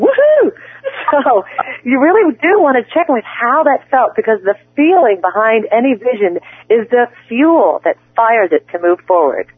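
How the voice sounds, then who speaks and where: A man leading a group coaching call, talking listeners through a guided visualization in a soft, unhurried way. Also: high voice, slightly rough, dry recording. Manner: soft, slow guided-imagery delivery. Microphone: telephone. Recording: tinny phone line.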